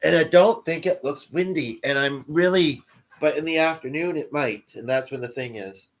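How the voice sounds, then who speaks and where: A man's voice: a little high, moderate pace. A man livestreaming in casual chat, answering viewers in a rambling, self-deprecating way and chuckling often.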